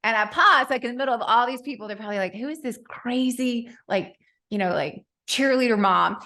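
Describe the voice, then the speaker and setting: A woman in her thirties hosting a podcast, telling a family story in a lively, laughing way. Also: on the high side, fairly quick. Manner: animated storyteller, laughs often. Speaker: podcast host. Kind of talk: casual interview chat.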